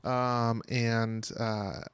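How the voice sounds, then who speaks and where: A man co-hosting a casual talk show, making dry asides and calmly explaining gambling rules. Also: medium pitch, extremely slow, clear, resonant tone, no echo. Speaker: podcast co-host.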